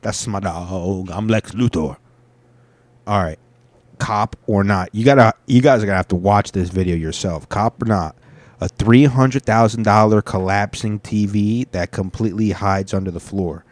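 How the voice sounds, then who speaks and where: Low-voiced man, rambling profane commentary. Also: moderate pace, dry recording. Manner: rambling, swears a lot, restarts. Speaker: streamer reacting to videos. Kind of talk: casual profane reaction commentary.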